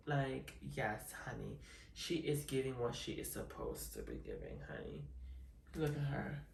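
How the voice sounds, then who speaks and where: A woman's voice: low voice, a bit bright, reverberant, recorded from a distance, a little hiss or hum. A woman chatting casually in an unboxing vlog, sassy and flamboyant, calling her viewers honey. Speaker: vlogger.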